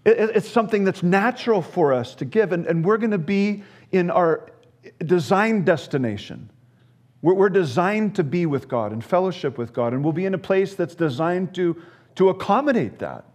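Man preaching, slightly high voice, earnest, stumbling restarts, light humor. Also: animated, normal speed, darkish tone. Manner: earnest, repeats words when starting, light humor. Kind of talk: sermon.

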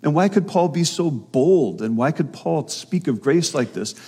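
A man's voice: a little high, lively intonation, measured pace, dark tone, husky. A man preaching a sermon, emphatic and fond of repeating phrases for stress. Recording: long reverb of a hall.

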